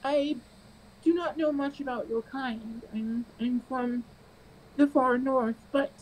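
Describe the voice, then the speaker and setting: A woman's voice: sits high, steady tone, slow, darkish tone, slight background noise, rough recording. A woman voicing a tiny, polite kobold fighter who speaks formally.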